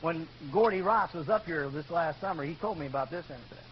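A man preaching, telling his own conversion story as an animated testimony. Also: fairly high pitch, a little fast, hardly any pauses. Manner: animated storyteller, bursts into loud shouts in quoted lines. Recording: dull lo-fi recording with faint noise.

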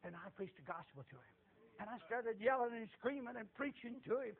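Street preacher guy, high pitched, folksy and laughing then hollering, sounds like an old radio broadcast. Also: lively intonation, fairly quick, creaky. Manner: folksy, laughing storyteller breaking into shouted preaching. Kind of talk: storytelling sermon. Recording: tinny phone-like radio recording.

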